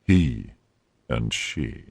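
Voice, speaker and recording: A loyal count and eager agent, as a male reader gives him voice, brisk and confiding. His voice is low and husky with animated pitch, in a dry close recording. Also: no echo, heavily acted.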